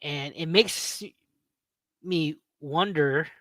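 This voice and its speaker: A man in his thirties, a podcast host, telling a story in a casual, animated way, swearing and laughing as he goes. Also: a little high, very slow, a little hiss or hum. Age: 30s.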